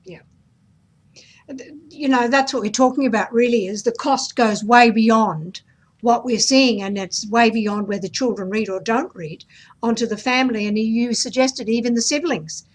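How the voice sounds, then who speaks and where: Woman host, higher voice, lots of yeahs, supportive. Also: normal speed. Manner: supportive, frequent agreeing. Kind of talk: interview conversation.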